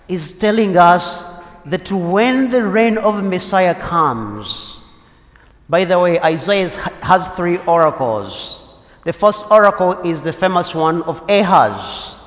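Male priest, homily voice a bit high, loose storyteller pacing, reverberant church. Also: a bit bright. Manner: conversational storytelling with pauses and restarts.

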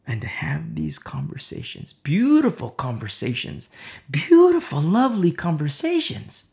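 Gravelly, animated preacher with hushed whispers. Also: mid-range voice, a little slow. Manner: swings between loud outbursts and hushed near-whispers; emotional, repeats phrases for emphasis. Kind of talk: impassioned sermon storytelling.

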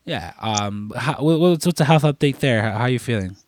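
A man's voice: mid-range voice, expressive, a little fast, no room sound. Stuffy-nosed man hosting a podcast. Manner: loose, rambling, many fillers. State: congested, stuffy nose. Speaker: podcast host. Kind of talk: casual podcast chat.

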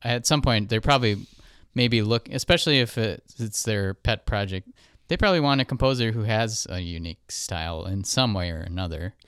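Male composer, low clear voice, relaxed rambling delivery, dry studio sound. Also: brisk, hardly any pauses, dry recording. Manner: relaxed, thinks aloud with fillers. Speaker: film composer. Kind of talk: casual podcast chat.

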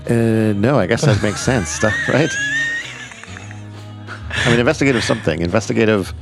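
A man's voice: fairly low pitch, moderate pace, gravelly, over music. Joking male player in casual tabletop chat. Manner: joking, rambling, laughing often.

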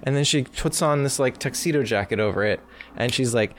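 A man's voice: mid-range voice, moderate pace, few pauses, a little hiss or hum. A man on a casual podcast, telling a story with enthusiasm and swearing for emphasis. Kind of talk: casual chat.

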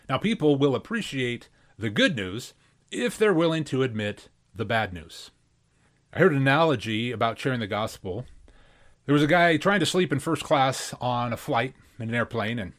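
A man preaching a sermon, animated and acting out voices as he tells stories. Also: mid-range voice.

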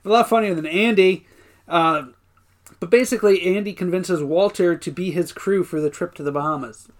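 A man's voice: high-pitched, moderate pace. A man co-hosting a podcast, recapping a TV episode in a rambling, casual way, often laughing and using lots of fillers. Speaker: podcast co-host.

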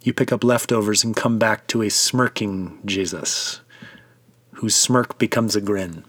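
A man's voice: fairly low pitch, fairly even intonation, unhurried, a bit bright, husky, no room sound. A man, a preacher, leading listeners through a vivid, immersive devotional retelling of a story.

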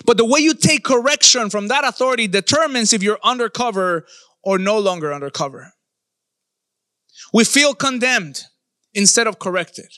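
Male pastor, high bright voice, emphatic sermon delivery, dry close sound. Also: animated, moderate pace, no room sound. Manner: emphatic, stretches key words, bursts into shouts.

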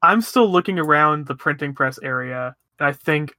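A man's voice: fairly high pitch, expressive, moderate pace, sharp tone, no room sound, studio quality. A man playing a tabletop game, asking questions and theorizing aloud about the case. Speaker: player. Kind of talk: casual tabletop game chat.

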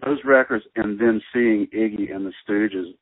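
A man's voice: on the low side, unhurried, breathy edge, no echo. A man in his sixties, a musician guest, telling stories animatedly and laughing often. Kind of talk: casual chat. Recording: tinny phone line.

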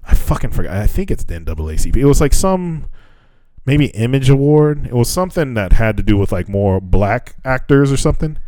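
A man's voice: medium pitch, big pitch swings, fairly quick, mellow, dry recording. A man co-hosting a podcast in loose, casual chat, swearing freely and laughing often. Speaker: podcast co-host.

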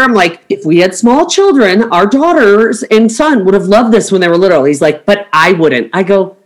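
A woman's voice: mid-range voice, animated, normal speed, few pauses. A middle-aged woman, a travel agent and podcast host, chatting casually and acting out the quotes in her travel stories. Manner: chatty storyteller, acts out quotes. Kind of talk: casual chat.

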